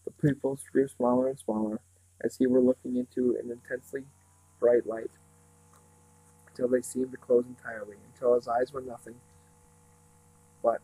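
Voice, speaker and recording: A man reading a novel aloud in a steady, unhurried way, now and then slipping and starting a phrase over. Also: medium pitch, creaky, breathy edge, low-quality recording. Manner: steady, unhurried reading with small slips and restarts. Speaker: reader.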